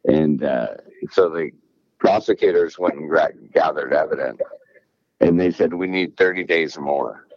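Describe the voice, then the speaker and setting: A man's voice: a bass voice, unhurried, no room sound, dull audio. A man casually chatting as a podcast co-host, telling stories hesitantly with lots of fillers. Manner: hesitant, filler-heavy storytelling. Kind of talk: casual chat.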